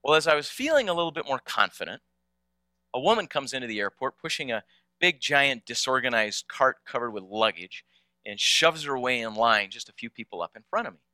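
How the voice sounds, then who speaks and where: Bright, dry-voiced male storyteller. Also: mid-range voice, lively intonation, a little fast, no room sound. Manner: conversational storyteller, repeats small words. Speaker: speaker telling a personal story. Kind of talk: storytelling talk.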